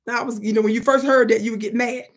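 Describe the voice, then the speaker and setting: A woman's voice: fairly high pitch, fairly even intonation, rapid-fire. A middle-aged woman giving emphatic, casual commentary to camera, talking straight to her viewers. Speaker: political commentary vlogger.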